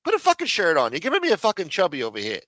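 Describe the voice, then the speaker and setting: Man, live stream host, profane mocking rant, bright forceful tone, dry close sound. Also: high voice, huge pitch swings, rapid-fire, dry recording, low-quality recording. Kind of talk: casual ranting chat.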